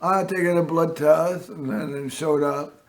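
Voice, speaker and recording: A man hosting a local TV show, telling a personal story in a rambling way and often clearing his throat. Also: a little high, steady tone, normal speed. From Northern California. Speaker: host.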